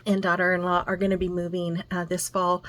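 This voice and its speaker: A woman's voice: lowish voice, completely flat delivery, a little fast, a bit bright, no room sound. An older woman hosting a crafting channel, chatting in a rambling, storytelling way and walking through a craft tutorial from her craft room. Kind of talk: casual chat and craft tutorial.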